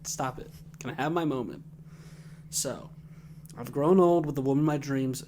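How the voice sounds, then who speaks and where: Boisterous podcast host telling crude stories. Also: male voice, mid-range voice, moderate pace, pauses often, a little hiss or hum. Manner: boisterous, deadpan punchlines, crude jokes. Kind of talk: comedic casual chat and storytelling.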